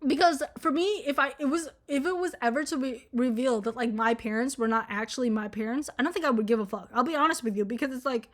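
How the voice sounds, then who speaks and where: A woman's voice: high-pitched, quick pace, few pauses. A young woman from Vietnam telling a personal story in a rambling, profane, laugh-filled casual way. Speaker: vlogger.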